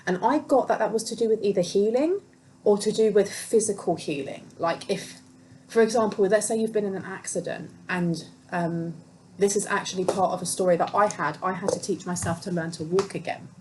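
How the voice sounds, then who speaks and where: A woman's voice: mid-range voice, fairly quick, a little mellow, a little hiss or hum, rough recording. A woman giving a casual spiritual tarot reading to camera at home. She rambles, passes on channeled messages and says um a lot. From Britain. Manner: chatty and rambling, reports channeled messages, many ums and restarts. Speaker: tarot reader. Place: home room with windows open by a busy road.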